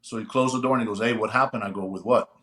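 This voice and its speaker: A man's voice: lowish voice, rapid-fire. A man, a retired police sergeant, telling a funny story and acting out the dialogue as he goes. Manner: animated, acts out dialogue. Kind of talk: casual storytelling. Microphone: remote call.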